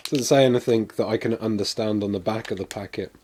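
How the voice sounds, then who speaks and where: A man's voice: lowish voice, steady tone, fast, a little mellow, slight background noise. Englishman streaming live, loose and self-deprecating, lots of fillers. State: coughing, something went down the wrong way. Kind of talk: casual live-stream taste test.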